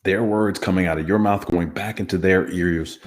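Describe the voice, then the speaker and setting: A man's voice: deep voice, steady tone, normal speed. A man, a former hostage negotiator, explaining conversation techniques emphatically and acting out examples. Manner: emphatic, demonstrates techniques aloud. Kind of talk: teaching conversation skills.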